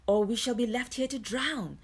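A woman's voice: a little high, normal speed, slightly rough, voice pushed up. A woman voicing a frightened male traveller pleading for a way out of the marsh. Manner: anxious, pleading.

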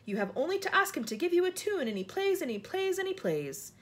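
A woman's voice: very high-pitched, sing-song, fairly quick, voice pushed up. A woman reading aloud the voice of a young boy who proudly presents his friends in rhythmic, sing-song verse. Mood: showman. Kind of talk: children's book read aloud.

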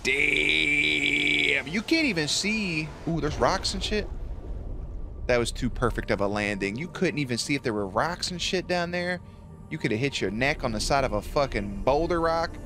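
Excitable man cheering at the screen. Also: on the high side, moderate pace, vocal fry, noisy background. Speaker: reaction video host. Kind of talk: casual reaction commentary.

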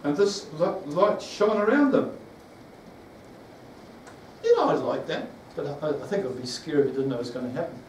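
A man's voice: a little high, lively intonation, fast talker, hardly any pauses, a little hiss or hum. A man preaching a sermon, rambling with restarts and asking the congregation questions. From New Zealand. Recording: echoey room, from far off.

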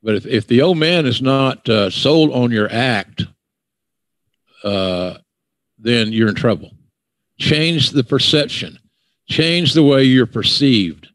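A man's voice: medium pitch, expressive, slow, long pauses, no room sound. An older man with a Southern accent, hosting a podcast and ranting bluntly with profanity. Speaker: podcast host. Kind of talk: casual podcast chat.

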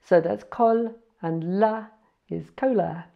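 A woman casually shares foreign vocabulary, spelling letters out slowly and fixing her errors along the way. Her mid-range voice has some vocal fry, and the recording sounds muffled.

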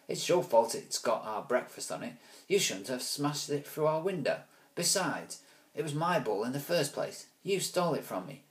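A man's voice: on the high side, animated, moderate pace, pitched above the performer's own voice, lightly acted. A man voicing a thin young boy who argues back with indignation. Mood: indignant. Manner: protesting, arguing back.

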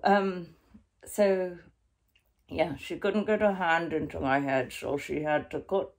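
A woman's voice: fairly low pitch, fairly even intonation, slow. A woman doing ventriloquism, voicing a crude, cheeky male monkey puppet who sulks and swears. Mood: storytelling. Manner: foul-mouthed, sulky, needling.

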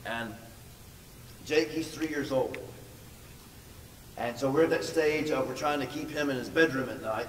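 A man's voice: mid-range voice, measured pace, long pauses. A male pastor telling a story in a sermon, stressing words by repeating them. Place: large church hall. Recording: echoey hall from far off, faint noise.

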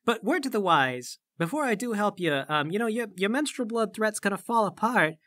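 A man's voice: sits high, lively intonation, moderate pace, fairly bright tone. A man playing a tabletop game, talking in a sardonic, hedging way. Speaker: player. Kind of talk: casual role-play.

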